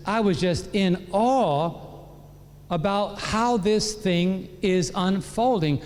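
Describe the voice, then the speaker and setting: A man's voice: sits high, takes it slowly. A man gives a sermon-style personal testimony in a large hall, and his slightly raised voice carries a long echo. He tells the story with lots of animation and acts out the voices of the people in it. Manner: animated storytelling, acting out relatives' lines. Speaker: pastor. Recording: echoey hall.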